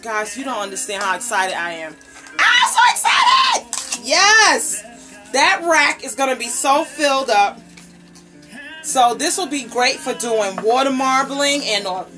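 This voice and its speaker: A woman's voice: a little high, fairly bright tone, rough recording. A woman hosting a casual live unboxing stream as a nail polish brand ambassador, gushing over each item and greeting her viewers by name. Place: indoors at home, table set up. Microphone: tablet camera microphone.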